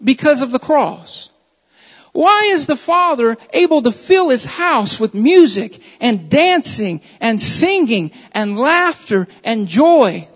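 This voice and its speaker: A very high-pitched man delivering a sermon, pressing each point with repeated emphatic phrases. His voice rings out with a long reverb through a church sanctuary. The audio is dull and muffled. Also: sing-song, takes it slowly, fairly bright tone. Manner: emphatic, repetitive preaching cadence. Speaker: preacher.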